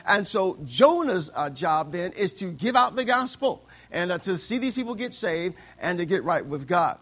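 A preacher delivers his sermon in a high voice, asking for amens again and again. He keeps it conversational and slips into quick voices for his anecdotes. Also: very animated, a bit bright. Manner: call-and-response preaching, frequent amens, acts out voices in anecdotes. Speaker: pastor.

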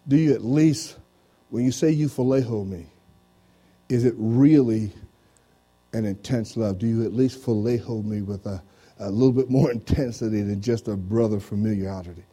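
A pastor preaching an interactive sermon, trading lines with a volunteer from the congregation, dropping "amen" and "praise the Lord" throughout, and reading scripture in a slow, drawn-out King James cadence. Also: medium pitch, warm tone. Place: church.

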